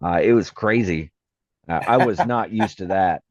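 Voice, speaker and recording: Middle-aged man, low voice, laughing casual chat, lo-fi dry sound. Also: moderate pace, no room sound. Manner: laughs a lot, lots of uh fillers. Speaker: podcast co-host.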